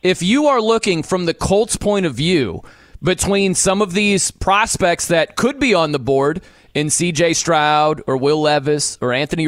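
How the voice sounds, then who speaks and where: A man's voice: a little high, no echo. A man hosting a sports radio show, chatting casually and asking his guest long questions. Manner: conversational, asks long questions.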